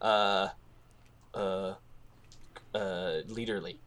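Bright-voiced hesitant player. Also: male voice, low voice, fairly even intonation. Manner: hesitant, drawn-out fillers. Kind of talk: tabletop game chat.

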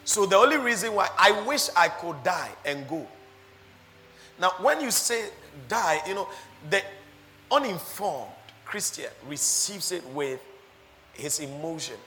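A male pastor preaches with a bright, forceful voice that sits a little high. He keeps it lively, laughing and firing rhetorical questions at his listeners. The sound rings with a long reverb from a hall. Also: unhurried, soft background music. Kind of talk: sermon.

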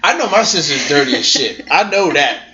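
A man telling stories in a casual chat among friends, animated and acting out quotes. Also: a little high, a little fast, highs cut off. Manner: animated storyteller, acts out quotes.

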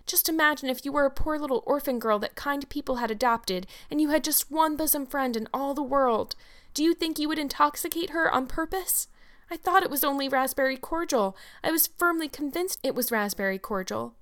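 A woman's voice: high voice, fairly quick, fairly bright tone, pitched above the performer's own voice. A woman reading an audiobook and voicing an eleven-year-old orphan girl who speaks in a flowery, dramatic way. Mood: imploring. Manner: breathless, flowery, pleading.

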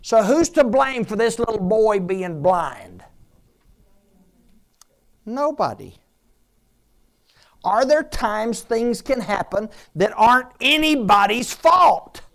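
A man preaching a sermon as pastor, urging the room with rhetorical questions and swinging between loud appeals and soft asides. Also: sits high, big pitch swings, slow, long pauses.

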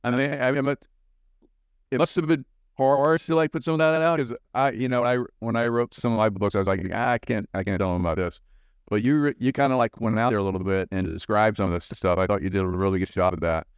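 A man's voice: mid-range voice, fairly even intonation, quick pace, clear, resonant tone, no room sound. A man hosting a podcast interview, asking loose, rambling questions with many fillers. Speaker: podcast host. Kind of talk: interview conversation.

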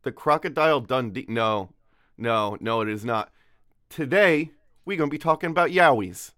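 A man's voice: medium pitch, animated, normal speed, fairly bright tone, clear, resonant tone, no echo, clean studio sound. A young man co-hosting a casual podcast, rambling and cutting himself off, still groggy from just waking up. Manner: rambling, self-interrupting, laughs easily. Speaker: podcast co-host. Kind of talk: casual chat.

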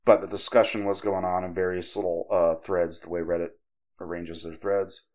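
A man hosting a podcast, casually telling a creepypasta story with profanity and lively quoted voices. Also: deep voice, normal speed. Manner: conversational, profane, animated when quoting others. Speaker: podcast host.

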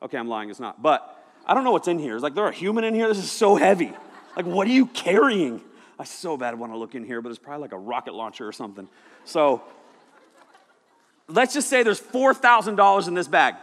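Guy preaching to kids, high bright voice, jokes around and yells sometimes, long hall echo. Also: a little fast. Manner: animated, jokey, shouting at times. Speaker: youth pastor. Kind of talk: youth sermon. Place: church hall with audience. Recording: echoey hall.

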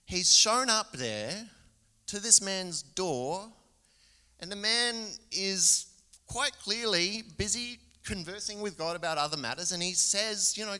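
A man's voice: high voice, slow pace, smooth. Australian man preaching in a reverberant church. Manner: expressive storytelling with acted-out quotes. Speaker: guest preacher. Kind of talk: sermon.

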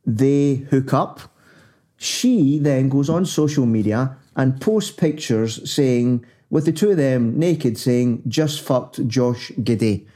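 A Scottish man chatting on a podcast in a mellow, warm voice. He tells rambling stories and swears casually. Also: mid-range voice, animated, takes it slowly. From Scotland. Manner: rambling anecdotal storyteller, swears freely. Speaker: podcast co-host.

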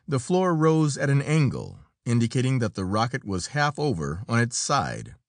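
A man's voice: mid-range voice, wildly swooping pitch, normal speed, dry recording, clean studio sound. A man narrating an adventure story as an audiobook, in dramatic storytelling style. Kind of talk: scripted narration.

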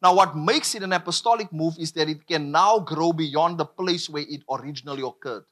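A man's voice: a little high, brisk, sharp tone. A man preaching a sermon, emphatic and repetitive, drawing call-and-response from the congregation.

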